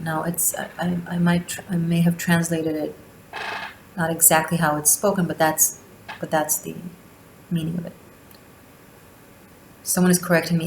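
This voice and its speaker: A woman tarot reader giving a spiritual monthly reading, speaking slowly and deliberately with long pauses. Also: on the low side, little pitch movement, reverberant, a little hiss or hum, low-quality recording. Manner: slow, deliberate delivery with drawn-out pauses.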